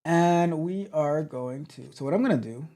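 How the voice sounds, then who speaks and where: Mellow-voiced man thinking aloud. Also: fairly high pitch. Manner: thinking aloud, halting restarts, trailing off. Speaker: tech coach. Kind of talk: live-streamed coding walkthrough.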